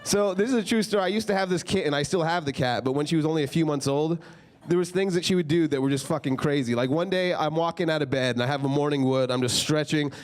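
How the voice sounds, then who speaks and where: A man's voice: a little high, fast, slight background noise. A young man doing a stand-up comedy set, telling stories in a loose, casual way full of "like". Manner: casual, filler-heavy storytelling with frequent "like". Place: comedy club stage.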